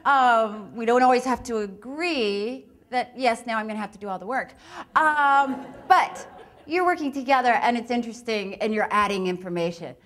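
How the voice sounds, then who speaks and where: Woman, fairly high voice, chatty, quick laughs, live talk on improv. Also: fairly bright tone. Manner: chatty, laughs often between points. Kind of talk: live talk with audience exercises.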